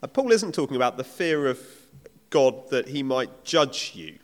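A man's voice: mid-range voice, very animated, normal speed. A man preaching a sermon in an earnest, emphatic, conversational way. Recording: long reverb of a hall.

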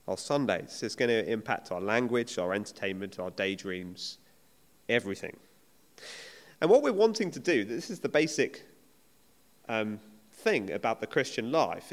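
A man preaching a sermon in an earnest, emphatic, conversational way. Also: medium pitch. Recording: long reverb of a hall.

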